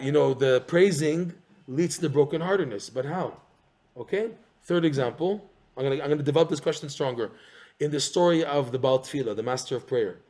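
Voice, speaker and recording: A man giving an animated Torah class, repeating phrases and firing rhetorical questions. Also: medium pitch. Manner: excitable, rhetorical questions, repeats phrases, mixes in Hebrew terms. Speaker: Torah teacher.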